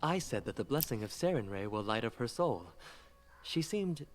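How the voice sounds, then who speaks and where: A man voicing a gentle young cleric. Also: medium pitch, very animated, moderate pace, natural voice. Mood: wry.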